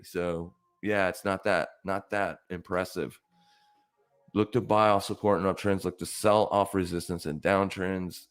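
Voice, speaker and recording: A man hosting a live trading stream, talking through charts in a blunt, casual coaching way, repeating himself for emphasis. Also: on the low side.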